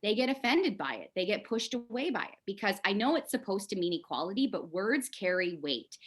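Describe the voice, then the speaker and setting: A woman as a podcast guest, talking candidly and with animation in casual conversation, swearing now and then. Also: medium pitch.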